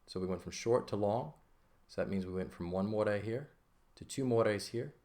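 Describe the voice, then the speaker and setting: A man's voice: on the low side, moderate pace, a little mellow. A man teaching an ancient Greek lesson in a patient, casual way, often checking in with "okay?". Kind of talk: casual lesson explaining grammar.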